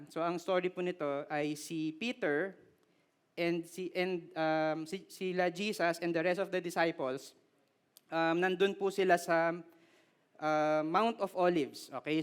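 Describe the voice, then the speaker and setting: This is a high, clear male voice preaching a sermon with a Filipino accent. He moves between English and Tagalog and lifts his voice to act out the lines he quotes. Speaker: pastor.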